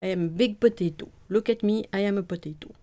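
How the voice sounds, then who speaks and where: A woman's voice: mid-range voice, mellow, lightly acted. Big mischievous baby cat, voiced by a woman. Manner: slow, babyish first-person cat talk.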